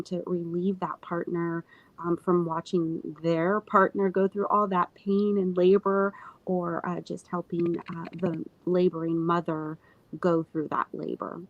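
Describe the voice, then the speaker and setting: A woman postpartum doula talking as a guest in a casual interview, earnest, with many fillers and lively retelling. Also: lowish voice, dry recording, dull audio.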